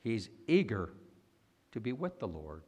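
Animated man preaching a sermon. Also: on the low side, slightly rough. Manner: animated, rhetorical questions, dramatic pauses.

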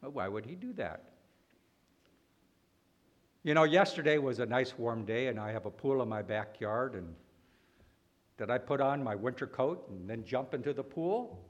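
A man preaching a sermon, animated and full of rhetorical questions and dramatic pauses. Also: mid-range voice, dull audio.

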